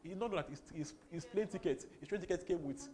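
A man preaching a sermon, emphatic, repeating words and swinging between loud and soft. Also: sits high, quick pace. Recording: faint background noise.

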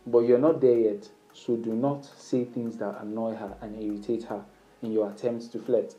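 A man's voice: level tone, normal speed, warm tone, dull audio. A man talking casually to the camera, giving flirting advice in an instructive way. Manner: instructive, acts out sample lines in a higher playful voice. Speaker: dating advice speaker.

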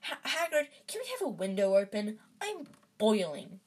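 A woman reading the lines of an anxious young schoolboy who speaks plainly and directly, with a husky voice. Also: medium pitch, wildly swooping pitch, normal speed, darkish tone.

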